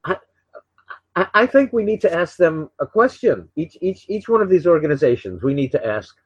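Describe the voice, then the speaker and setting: A man's voice: a little high, very animated, moderate pace, breathy edge, no echo. Rambling opinionated older male radio host. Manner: rambling, repeats words and fills with uh and um; opinionated, sarcastic. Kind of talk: casual solo talk radio monologue. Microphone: desk microphone beside a laptop. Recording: dull, slightly lo-fi dry recording.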